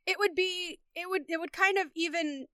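A woman's voice: extremely high pitch, fairly even intonation, normal speed, pushed and bright, no echo, studio quality. A woman co-hosting a casual movie podcast, talking enthusiastically about actors. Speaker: podcast co-host.

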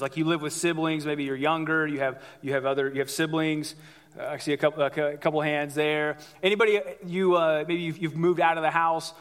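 A male pastor preaching to a congregation in a church, lively, asking the room questions and acting out quotes. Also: high-pitched. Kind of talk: sermon. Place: church sanctuary before a congregation. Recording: long hall reverb.

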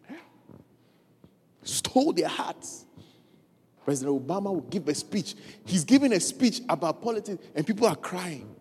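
A preacher giving an animated sermon, repeating key phrases for emphasis and acting out quoted voices. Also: mid-range voice, moderate pace, pauses often, breathy edge. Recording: reverberant hall.

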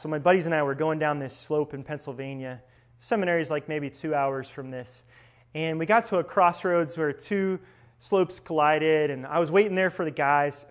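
Fairly high-voiced young man reflecting on faith. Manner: storytelling, with frequent tag questions. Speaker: seminarian. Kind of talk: conversational spiritual reflection.

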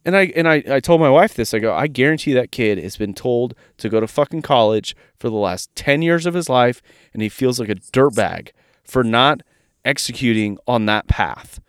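A man's voice: medium pitch, animated, moderate pace, smooth, no echo, studio quality. A man co-hosting a podcast in casual chat, talking emphatically and with plenty of profanity as he gets fired up. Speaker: podcast co-host.

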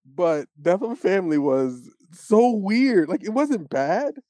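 A man's voice: high-pitched, a little slow, no room sound. Guy on a podcast telling a tv scene, acts out quotes, pretty dry mic sound. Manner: animated storytelling, acts out quotes. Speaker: podcast co-host. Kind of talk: casual chat.

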